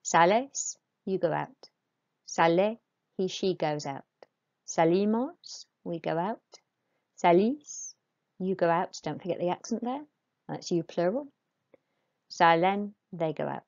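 Woman teacher, lowish voice, patient and clear, dull lo-fi recording. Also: measured pace. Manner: clear, patient instructions with Spanish modelled aloud. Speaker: Spanish teacher. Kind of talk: recorded online lesson.

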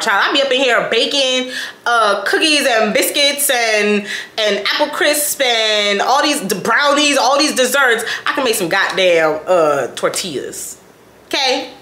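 A young woman talks her way through a shopping haul in a loose, rambling vlog. Her voice has a bright, crisp edge, and she keeps breaking into laughter and slangy asides. The room around her is hollow and echoey. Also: fairly high pitch. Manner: colloquial, says "child" and "y'all". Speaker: lifestyle vlogger. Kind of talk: casual chatty haul vlog.

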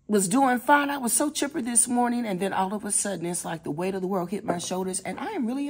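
A middle-aged woman teacher and mom chatting casually to her viewers in an expressive, talkative way. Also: mid-range voice, fast, few pauses, slight background noise. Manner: chatty and expressive, addresses viewers warmly as "baby" and "y'all". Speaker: elementary school teacher and mom. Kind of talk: casual vlog chat.

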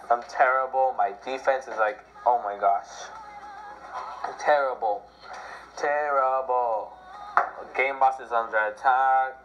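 A teenage boy who is sick, chatting loosely and excitably while playing a mobile strategy game. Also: mid-range voice. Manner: rambling, excitable, self-deprecating. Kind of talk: casual gameplay commentary. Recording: dull lo-fi audio with faint music.

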